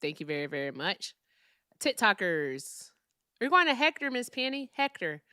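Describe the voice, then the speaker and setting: A woman hosting a casual live stream, animated and laughing often while talking to her chat. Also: mid-range voice, moderate pace, smooth, no room sound, clean studio sound. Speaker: livestream host.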